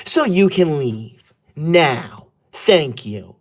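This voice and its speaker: A man playing a prickly young male livestreamer, forever offended and scolding his chat in a hushed, held-back voice. His pitch bounces all over, rising and dipping with every indignant turn. It plays as a comedy skit of a live stream. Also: lively intonation, extremely slow, heavily acted. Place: indoor room upstairs, away from home.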